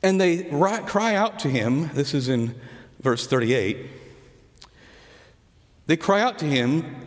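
A man preaching a sermon, telling the story earnestly and dropping to soft, hushed words on key lines. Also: on the high side, animated, measured pace. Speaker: pastor. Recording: long hall reverb.

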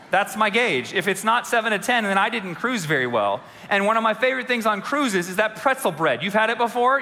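Bright high-voiced pastor preaching in a hall. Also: male voice. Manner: storytelling with humor and audience questions. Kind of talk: sermon.

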